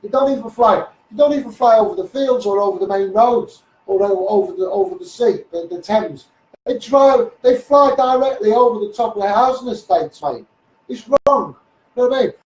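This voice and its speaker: Rambling high-voiced Liverpool man ranting. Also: lively intonation, moderate pace, a little mellow. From England. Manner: rambling, blunt, keeps saying "mate" and "you know what I mean". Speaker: livestreamer. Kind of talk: ranting live-stream monologue. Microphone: phone livestream. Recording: roomy, distant phone livestream with faint noise.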